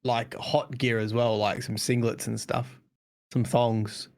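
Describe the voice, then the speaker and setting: A man's voice: mid-range voice, level tone, slow pace, gravelly. A man with an Australian accent co-hosting a casual gaming podcast, joking crudely and swearing freely. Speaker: podcast co-host.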